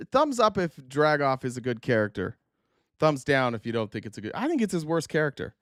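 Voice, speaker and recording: A man's voice: medium pitch, big pitch swings, fairly quick, fairly bright tone, dry recording, clean studio sound. A man hosting a live stream, chatting casually in a blunt, joking way and swearing now and then.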